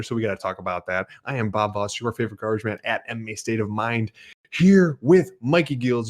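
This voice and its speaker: A man hosting a live sports betting podcast, upbeat and rambling, poking fun at himself. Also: fairly low pitch. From Dutch heritage. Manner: upbeat, self-mocking, rambling. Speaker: podcast host.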